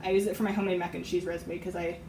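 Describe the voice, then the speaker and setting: A woman with a hoarse, fading voice chats casually and rambles while she bakes on a live stream, often laughing. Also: fairly low pitch, flat delivery, very fast, darkish tone, a little hiss or hum. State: hoarse, losing her voice. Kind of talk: casual chat while cooking. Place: home kitchen. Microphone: iPad microphone. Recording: roomy lo-fi tablet audio from a distance.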